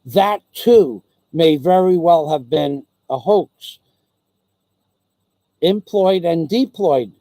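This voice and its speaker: A man's voice: fairly high pitch, warm tone, no room sound. A man hosting a livestream, ranting angrily and with heavy profanity, often repeating his phrases. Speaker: livestream host. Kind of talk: angry livestream rant.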